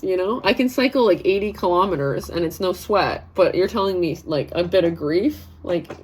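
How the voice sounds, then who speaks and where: A woman's voice: fairly low pitch, lively intonation, moderate pace, few pauses, a little mellow, slight background noise. A woman in her thirties hosting a live stream, chatting casually and rambling, laughing often and reading viewer comments aloud. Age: 30s. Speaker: live session host.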